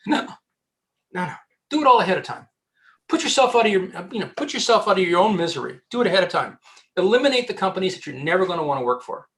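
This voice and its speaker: A man, a headhunter giving casual career advice as a podcast guest, animated and joking, often restarting his sentences. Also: high-pitched, quick pace.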